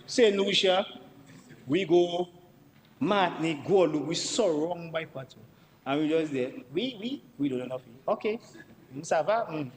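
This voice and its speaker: A man's voice: on the high side, lively intonation, normal speed, long reverb tail, rough recording. Emphatic Dominican man in parliament. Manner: emphatic, repeats himself for stress. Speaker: member of parliament. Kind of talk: parliamentary debate speech. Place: parliament chamber.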